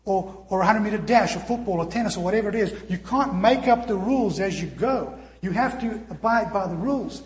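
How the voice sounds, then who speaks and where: A man preaching a sermon as pastor, animated and putting questions to the congregation. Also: sits high, fairly quick, few pauses. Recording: echoey hall.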